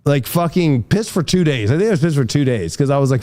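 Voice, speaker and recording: A man's voice: a little high, animated, fast talker, few pauses, dark tone. A man hosting a casual podcast conversation, telling rambling stories with plenty of swearing. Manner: profane, rambling storytelling. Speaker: tarot reader and podcast host.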